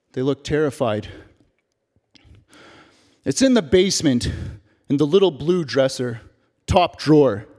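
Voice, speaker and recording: A male stage performer from Canada delivering a dramatic one-man monologue in an animated way. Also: medium pitch, long reverb tail. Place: theater stage.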